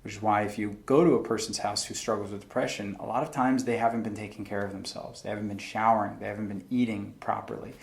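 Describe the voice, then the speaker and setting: A man's voice: on the low side, fairly even intonation, quick pace, creaky, few pauses. A young man giving an earnest, reflective talk to camera about faith and struggle, quoting scripture in a plain-spoken way. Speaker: faith video host.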